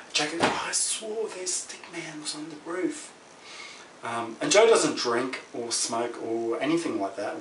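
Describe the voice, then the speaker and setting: Aussie guy telling a creepy story, gets loud then whispers, distant mic in an echoey room. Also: mid-range voice, a little hiss or hum. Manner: animated, swings from loud exclamations to hushed whispers. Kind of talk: casual spooky storytelling.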